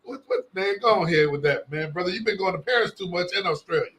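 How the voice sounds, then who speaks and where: A man's voice: high-pitched, animated, fast talker, a bit bright. A man co-hosting a casual podcast, bantering with his partner in a friendly way. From Central Florida. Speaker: podcast co-host.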